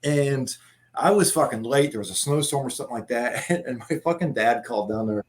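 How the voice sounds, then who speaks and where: A man's voice: mid-range voice, brisk. A middle-aged man, a guest, telling stories in a rambling, profane casual chat.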